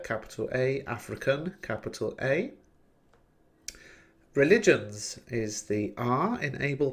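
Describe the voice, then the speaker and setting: A man teaching an exam revision lesson, explaining clearly and stressing key points as he works through examples. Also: mid-range voice. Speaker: English teacher.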